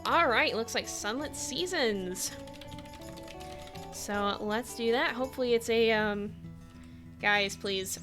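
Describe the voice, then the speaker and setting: This gaming streamer speaks in a fairly high, expressive voice at a slightly slow pace. She talks with her live audience, coaxes her animals forward, and giggles frequently while game music plays underneath.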